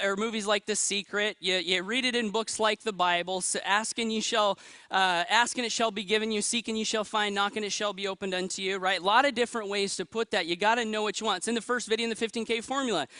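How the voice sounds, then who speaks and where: A man in his thirties giving a motivational stage talk, energetic and firing questions at the audience. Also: high voice, no room sound. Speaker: motivational speaker.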